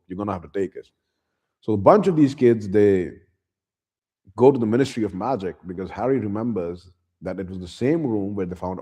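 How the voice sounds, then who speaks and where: A man with a very deep, mellow voice recaps a book as a YouTube host. His telling is loose and slangy, dotted with chuckling asides.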